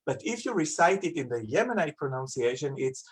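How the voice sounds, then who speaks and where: Guy in his 50s, kinda high voice, chatty storyteller in an interview, repeats words a lot. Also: fairly quick, husky. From Israel. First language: Hebrew. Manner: animated storyteller, playful asides, repeats words for emphasis. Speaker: guest chef and author. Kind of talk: casual interview talk.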